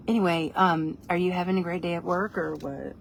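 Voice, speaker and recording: A woman hosting a casual live video on her phone, talking in an excitable, rambling way. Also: fairly low pitch, normal speed, gravelly, slight background noise. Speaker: live-stream host. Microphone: phone camera.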